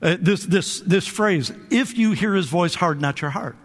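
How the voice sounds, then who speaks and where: Male pastor, high voice, energetic sermon, call-and-response, repeats words, long hall echo. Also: normal speed. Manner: repeats words and restarts often. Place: church sanctuary.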